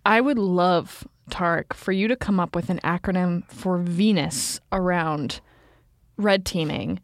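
A woman's voice: on the low side, dry recording. Playful woman podcast co-host, dry sound. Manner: playful, punning, quick to laugh. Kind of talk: casual podcast chat.

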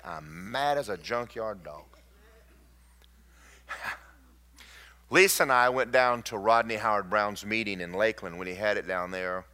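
A man, a pastor telling stories in a sermon, emphatic and swinging between loud and hushed. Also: lowish voice.

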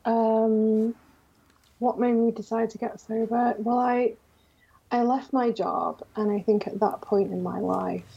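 A woman guest on a podcast interview with a calming voice, talking openly and reflectively with frequent ums. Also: fairly high pitch, unhurried, vocal fry, breathy edge, highs cut off. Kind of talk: conversational interview.

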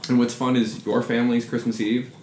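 A man's voice: mid-range voice, flat delivery, brisk, a little mellow. A man casually telling a profane, self-deprecating story, now and then mimicking people's voices. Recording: echoey room with faint noise.

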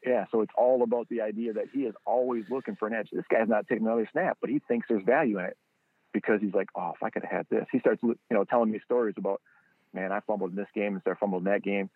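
Founder guest, male, low gravelly voice, animated storyteller, dry phone-line sound. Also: quick pace, dry recording. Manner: animated storyteller, acts out quotes in a higher voice. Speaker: guest, football training product founder. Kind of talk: casual storytelling interview. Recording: tinny phone-line audio.

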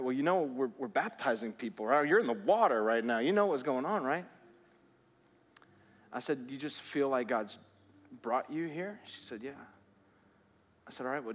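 A man's voice: medium pitch, expressive, moderate pace, pauses often. A man preaching a sermon as pastor, telling a story and repeating phrases as he urges his listeners on. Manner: storytelling, repeats phrases, rises to earnest urging. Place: church sanctuary.

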